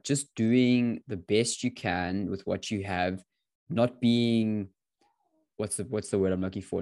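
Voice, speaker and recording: A man's voice: on the low side, a little mellow, no echo, clean studio sound. A man co-hosting a podcast in casual chat, often restarting and searching for the right word. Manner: searching for words, repeats and restarts. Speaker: podcast co-host.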